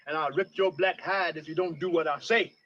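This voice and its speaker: A man's voice: on the high side, steady tone, fairly quick, muffled recording, a little hiss or hum, natural voice. An actor playing an older enslaved male fiddler in a film drama, speaking in a thick period Southern dialect and deferring to his master. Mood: scolding.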